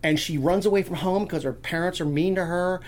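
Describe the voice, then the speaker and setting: A man's voice: high voice, brisk. A man chatting as a podcast guest, rambling through stories with many restarts. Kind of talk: casual chat.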